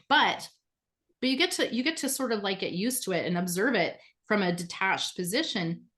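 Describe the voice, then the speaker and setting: A woman's voice: medium pitch, animated, brisk, fairly bright tone. A woman speaking as an interview guest in a candid, casual conversation, frank and often laughing, with the odd swear word.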